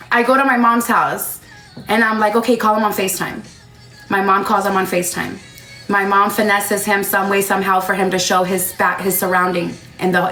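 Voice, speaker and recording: A woman in her thirties on a livestream, telling a long emotional story in a rapid, rambling, defensive way with rising outbursts. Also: mid-range voice, a bit bright, echoey room. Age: 30s.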